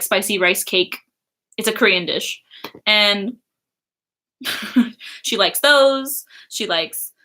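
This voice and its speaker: A young woman chats casually on a livestream, reading the chat, giggling and laughing often, and using lots of fillers. Her voice is on the high side, pushed and bright.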